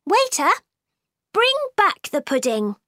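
A woman's voice: high voice, big pitch swings, slow pace, bright, forceful tone, no echo, clean studio sound, pitched above the performer's own voice, heavily acted. A woman voicing a polite, curious young girl in a storybook reading. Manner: polite, wondering.

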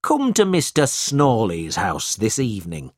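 A man playing a gloating brute of a schoolmaster, barking and sneering, slow, rough-edged, storybook voice. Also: on the low side, wildly swooping pitch, no room sound, clean studio sound, exaggerated voice. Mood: bullying. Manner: bullying, shouting.

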